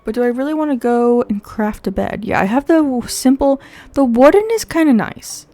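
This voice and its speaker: A congested young woman, sniffling, hosts a gaming video and chats casually over gameplay with faint game music behind her. Her slightly high, animated, mellow voice moves at normal speed with no room sound, and she rambles and thinks aloud with fillers.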